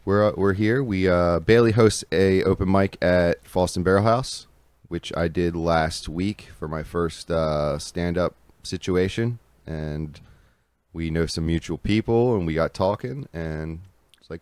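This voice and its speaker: A man's voice: sits low, measured pace, a little mellow, smooth, no echo. A young man hosting a casual podcast chat, laid-back and loose, swearing casually between fillers. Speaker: podcast host.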